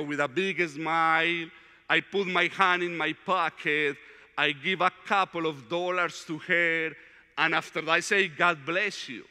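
Earnest man telling a testimony, bright voice. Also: high-pitched, clean tone. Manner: heartfelt storytelling, plain non-native English. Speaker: retreat speaker. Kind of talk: testimony talk. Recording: long hall reverb.

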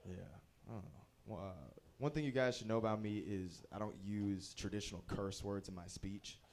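At a small comedy venue in a bowling alley, a young man performs stand-up, telling animated, self-deprecating stories with playful swings in his voice. He speaks at a normal speed in a lowish voice. There's a little hiss or hum on the recording.

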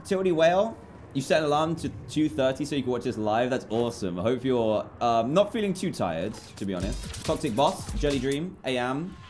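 A man's voice: medium pitch, expressive, brisk, a little mellow, soft background music. Chatty British man streaming a game. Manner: chatty, reads out donor names, apologetic. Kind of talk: live game stream commentary.

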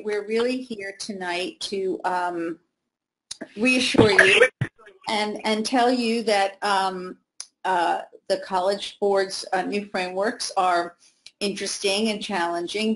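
A woman's voice: mid-range voice, slight background noise, rough recording. A woman author and department chair giving a reassuring webinar presentation, with some ums.

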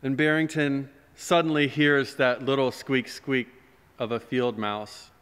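A man, a pastor, telling a story during a sermon in a gentle, animated way, recorded in a church. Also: mid-range voice, measured pace, smooth. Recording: long church reverb.

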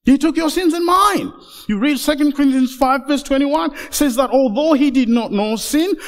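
A man preaching a sermon as a guest speaker, swinging from loud emphatic peaks to hushed, low passages. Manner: passionate, rising to loud emphatic peaks then dropping very low and soft. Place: church sanctuary. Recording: church hall with long reverb.

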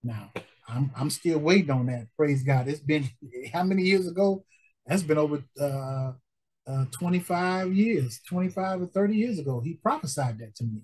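A middle-aged man preaching with a high voice. He pleads with his listeners and repeats his lines, breaking in with "amen" and "praise God" as he goes. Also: expressive, normal speed, darkish tone, slightly rough. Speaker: pastor. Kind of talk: preaching appeal for support.

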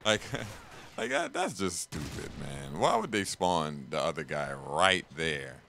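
A young man chatting casually and profanely while playing a video game, rambling and animated. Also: rumbling low, slow pace, gravelly, slight background noise. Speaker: gaming streamer. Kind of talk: casual gameplay commentary.

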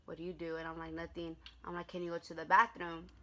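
A woman's voice: on the low side, completely flat delivery, fast, a bit bright. A young woman vlogger telling stories in casual chat with her best friend, playful and laughing often.

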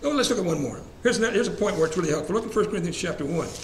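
A man's voice: sits high, lively intonation, rapid-fire. A man leading a church Bible study class in a conversational way, asking the group questions and repeating verse references. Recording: echoey room, faint ambient hiss.

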